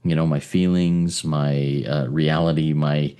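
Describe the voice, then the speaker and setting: A man co-hosting a recovery podcast, talking in a reflective, halting way with frequent pauses and fillers. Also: very deep voice, little pitch movement, warm tone, smooth. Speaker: podcast co-host.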